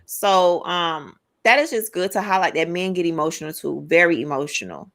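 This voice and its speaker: A woman co-hosting a casual podcast chat, reading out viewer comments and reacting in an animated, lively way. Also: lowish voice, moderate pace, gravelly.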